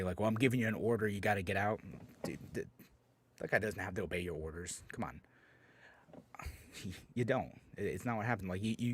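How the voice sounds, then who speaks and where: A man's voice: deep voice, breathy edge. A man hosting a call-in radio talk show, speaking casually with many fillers and restarts.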